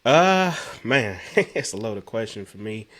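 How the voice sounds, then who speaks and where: A man in his thirties co-hosting a podcast, hoarse from sinus trouble, chatting casually and telling animated, slangy stories. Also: lowish voice, takes it slowly, over a noisy crowd. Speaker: podcast co-host. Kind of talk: casual chat.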